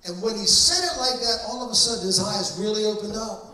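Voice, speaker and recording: High, bright-voiced preaching man. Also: a little fast. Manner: storytelling, emphatic, with fillers. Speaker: pastor. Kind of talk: sermon. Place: church hall. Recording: echoey church hall, mic distant.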